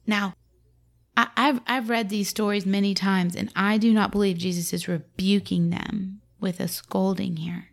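A woman in her forties speaks to other mothers about faith in a friendly, conversational way. Her voice has a gravelly edge, and she brings the quoted lines to life as she talks. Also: mid-range voice, measured pace. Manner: conversational and expressive, acting out quotes. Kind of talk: devotional talk on scripture.

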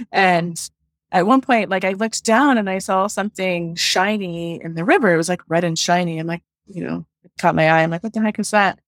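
A woman's voice: lowish voice, dry recording, studio quality. A woman working as a love coach, telling her story in a casual interview, chatty and full of "like", acting out her own past thoughts.

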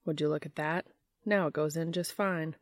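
A woman's voice: sits low, steady tone, moderate pace, no room sound, clean studio sound, lightly acted. A woman reading an audiobook, voicing a cheerful, teasing young man in an easygoing way.

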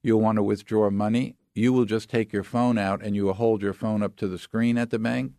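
A man's voice: lowish voice, flat delivery, fairly quick, gravelly, dark tone, no room sound, studio quality. A man speaking as an expert guest, explaining things with step-by-step examples in an authoritative way. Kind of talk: explanatory interview talk.

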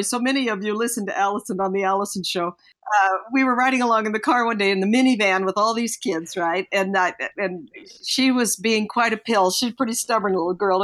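A woman's voice: fairly high pitch, a bit bright. Older woman telling parenting stories. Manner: reflective storyteller, acts out quoted voices. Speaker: parenting guest. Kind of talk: podcast conversation.

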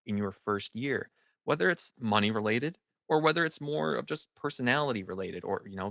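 A man's voice: on the low side, gravelly, a bit bright, no echo, clean studio sound. A man hosting a podcast, asking questions in a friendly, encouraging way and often restarting his sentences. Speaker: podcast host. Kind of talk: casual interview chat.

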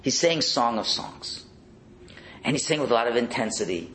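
A man delivers a storytelling sermon, animated and vivid, slipping into the voices of the people in his tales. His voice sits at a middle pitch with a gravelly rasp. A faint hiss of noise lies under the recording. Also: moderate pace, rough recording. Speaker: rabbi teaching a Torah lesson.

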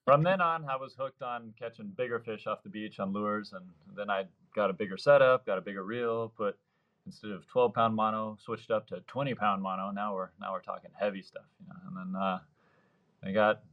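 Over lo-fi sound, a brisk, fairly low male voice belongs to a surf fishing guide in his thirties. He tells stories in a relaxed podcast interview, animated throughout, and acts out what the people in them said.

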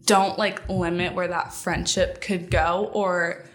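A woman's voice: fairly low pitch, little pitch movement, takes it slowly. A young woman on a podcast, telling stories in a casual chat, rambling with lots of fillers and frequent laughs. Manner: giggly, rambling storyteller with many fillers. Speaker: guest, friend.

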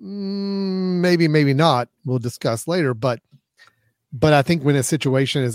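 A man's voice: a little high, measured pace, darkish tone, no echo. Rambling male co-host, dry sound. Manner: rambling, many restarts, laughs easily. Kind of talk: casual tech chat.

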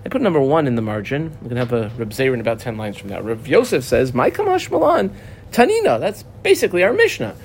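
A man leads a Talmud class, reading a line and then unpacking it plainly, pausing on fillers as he goes. His voice sits at an ordinary middle pitch. A faint rumble hums underneath the recording. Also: huge pitch swings. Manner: explains step by step, reading text then translating, with many fillers. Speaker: Talmud teacher. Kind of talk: page-by-page Talmud lesson.

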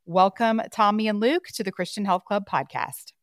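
A woman podcast host delivers lively, scripted hosting in an upbeat, enthusiastic manner, speaking into a close studio mic. Her voice is medium-pitched at normal speed, with no echo.

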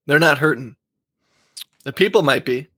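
A man's voice: fairly high pitch, moderate pace, sharp tone, breathy edge, no room sound. A man co-hosting a podcast in casual chat, talking loosely with frequent swearing and laughter. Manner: loose, profane, laughs often. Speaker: podcast co-host.

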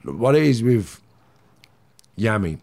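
Gravelly man telling prison stories. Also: fairly low pitch, slow pace. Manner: animated, swearing, acts out quoted voices. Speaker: interview guest. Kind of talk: casual storytelling interview.

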